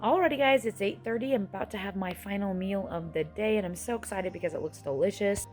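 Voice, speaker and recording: A woman's voice: mid-range voice, fast talker, darkish tone, soft background music. A woman in her forties chatting casually through a food diary vlog, often sounding a little out of breath. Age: 40s. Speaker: vlogger. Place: various rooms and a dance studio.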